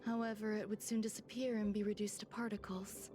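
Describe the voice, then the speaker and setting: A woman reading the lines of a detached female genius scientist from a video game, speaking calmly in a soft half-whisper. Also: mid-range voice, a little fast, over music, natural voice.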